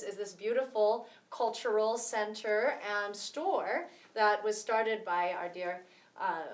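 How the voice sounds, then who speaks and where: A woman explaining rhythm in a drum lesson at a cultural center, counting beats aloud in a friendly way. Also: mid-range voice. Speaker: music teacher. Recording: roomy echo, mic far off.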